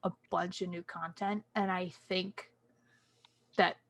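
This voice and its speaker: A woman co-hosting a casual gaming podcast, chatty and quick to laugh. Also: on the low side, level tone, fairly bright tone. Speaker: podcast co-host. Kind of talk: casual chat.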